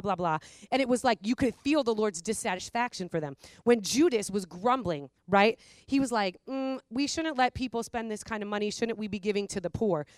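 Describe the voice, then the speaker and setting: Lively woman teaching scripture conversationally. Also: a little high, no room sound. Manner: conversational, animated, checks in with "okay?" and "right?"; acts out prayers and quotes with laughing asides. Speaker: Bible teacher. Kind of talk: informal teaching talk.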